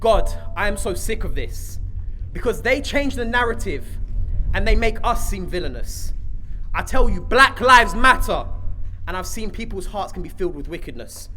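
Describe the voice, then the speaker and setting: High, lively man reciting a spoken-word poem. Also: normal speed, faint music behind. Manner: rhythmic, rhyming, emphatic delivery. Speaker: protest speaker. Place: outdoor park rally.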